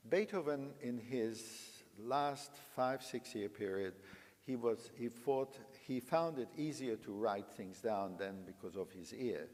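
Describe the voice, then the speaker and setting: A man's voice: medium pitch, lively intonation, a little slow, a little mellow. An older man teaching a piano master class. He sings phrases aloud and coaches his student with emphatic, coaxing instructions. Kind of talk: coaching a young pianist. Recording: large hall with long reverb, piano playing.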